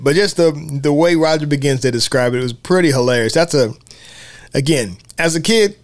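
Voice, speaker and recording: A man hosting a podcast, chatting casually about a film, animated and laughing often. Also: a little high, fairly quick, dry recording, clean studio sound. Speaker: podcast host.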